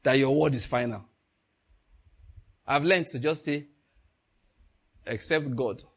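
A middle-aged male preacher giving a sermon, swinging between hushed emphasis and loud bursts, laughing often. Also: mid-range voice, slow, husky.

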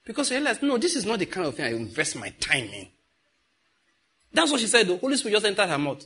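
A man's voice: sits high, huge pitch swings, quick pace, pushed and bright, breathy edge. A middle-aged Nigerian man, a pastor preaching a sermon in a conversational way with pidgin asides.

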